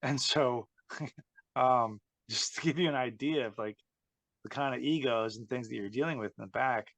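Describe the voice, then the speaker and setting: A man, a former pro wrestler, telling backstage stories in a chatty, animated way on an interview podcast. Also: mid-range voice, normal speed, no echo. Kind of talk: casual interview storytelling.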